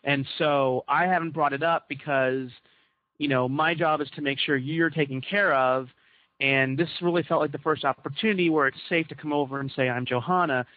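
A man's voice: on the high side, fairly even intonation, moderate pace, no echo. A man telling a long anecdote to his co-hosts in a casual chat, acting out the quoted dialogue with animation. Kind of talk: casual storytelling among co-hosts. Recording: dull lo-fi dry recording.

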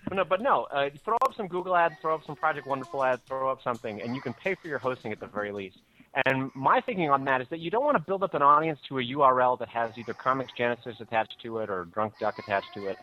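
A man's voice: mid-range voice, muffled recording. A man co-hosting a casual podcast chat, joking and reading listener mail. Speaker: podcast co-host.

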